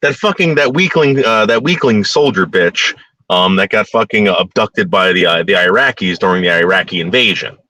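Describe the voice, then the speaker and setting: A man holds forth in a heated, profane rant, blunt and unfiltered. His voice is bright and edgy, and his pitch swings widely. The sound is close and dry, with no room around it. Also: expressive, moderate pace, dry recording, rough recording. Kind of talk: ranting opinion monologue.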